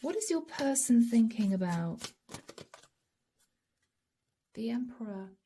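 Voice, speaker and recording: A woman giving a channeled tarot reading, soft and emotional, often dropping to a whisper. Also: a little high, lively intonation, slow pace, a little hiss or hum. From Europe. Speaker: tarot reader.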